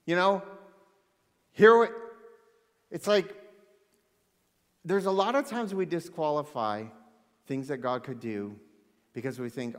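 Animated preacher, man, in a reverberant hall. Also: fairly high pitch, unhurried, pauses often. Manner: animated, swings between loud excitement and hushed intensity. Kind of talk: sermon.

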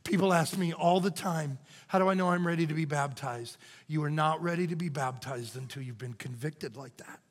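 An older man preaching a sermon as pastor, moving from loud cries to hushed whispers. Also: on the high side, fairly quick. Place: church sanctuary. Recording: church hall reverb.

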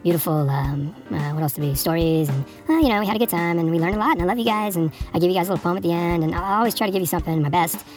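A man's voice: a little high, rapid-fire, few pauses, faint music behind. A man hosting a podcast, telling improvised comic stories in a crude, rambling, profane way and breaking into a read fable with jokey asides. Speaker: podcast host.

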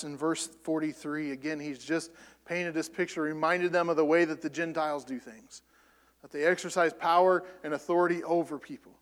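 Preacher man in a reverberant hall. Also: on the high side. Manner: builds to loud emphatic peaks, then drops soft. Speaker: pastor. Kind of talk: sermon.

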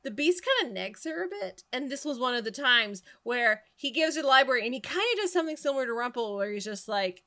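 Wry woman with a bright voice. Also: a little high, expressive, fast talker, few pauses. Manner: wry, recapping with dry jokes. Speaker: podcast co-host. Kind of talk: casual chat.

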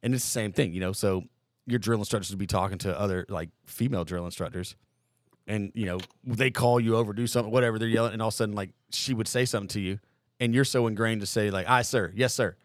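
A man's voice: lowish voice, fast, no room sound, studio quality. A man telling boot camp war stories in a casual podcast chat, profane and rambling, full of filler words. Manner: rambling, profane, lots of "like" and "dude".

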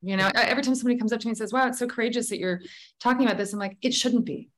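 A woman's voice: a little high, racing. A woman guest, an author, candidly telling a personal story in a casual podcast conversation. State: tearful at moments.

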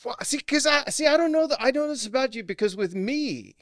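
A middle-aged man, a guest actor, telling stories in a lively, casual chat and laughing often. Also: very high-pitched, fairly quick, no echo, clean studio sound. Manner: animated, storytelling, laughs often.

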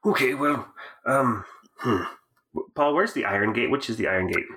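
A man's voice: medium pitch, animated, normal speed, bright, forceful tone. A man playing a tabletop game, asking questions in character in a playful, inquisitive way. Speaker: player. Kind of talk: tabletop role-play.

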